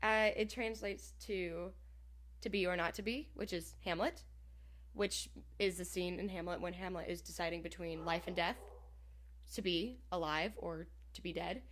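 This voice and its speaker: A woman's voice: fairly low pitch, fairly even intonation, normal speed, fairly bright tone. Chatty woman podcast co-host. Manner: eager and chatty, lots of "like". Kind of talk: casual chat reviewing a TV episode.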